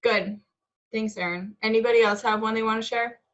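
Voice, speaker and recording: A young woman ballet teacher calling counts and giving gentle step-by-step corrections during a live class in a dance studio. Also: on the high side, fairly even intonation, brisk. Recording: muffled recording with piano music behind.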